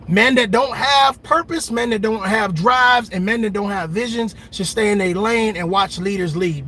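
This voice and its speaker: Guy going live from his car, high sharp voice, talks straight to viewers, cusses a lot. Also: slight background noise. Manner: animated, swears, laughs, talks to viewers. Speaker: livestream host. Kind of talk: casual live commentary. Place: parked car in a park.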